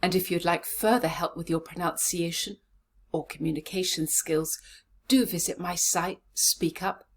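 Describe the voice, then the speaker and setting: A woman coaching pronunciation, breaking words into syllables and sounds deliberately in a slow instructional lesson. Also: lowish voice, steady tone, slightly rough.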